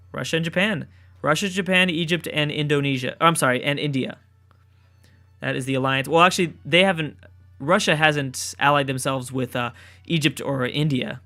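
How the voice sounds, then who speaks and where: A man casually commenting on his own strategy gameplay, thinking aloud, repeating himself and breaking into excited outbursts. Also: on the high side. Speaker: let's play gamer.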